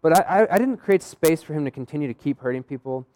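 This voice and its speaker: A man's voice: on the high side, expressive, quick pace, mellow. A young adult man preaching a sermon in a conversational storytelling style, acting out the voices of people in his stories. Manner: conversational, acts out quoted dialogue. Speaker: pastor.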